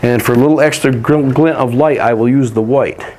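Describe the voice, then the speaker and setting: A man teaching a painting lesson, walking through each step in a relaxed, practical way while he works. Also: mid-range voice, brisk, a little hiss or hum. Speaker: painting instructor.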